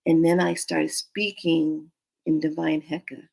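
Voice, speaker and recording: A woman telling a dream story in a casual, unhurried monologue, acting out the voices she quotes. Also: fairly low pitch, level tone, gravelly, a little mellow. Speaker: spiritual storyteller.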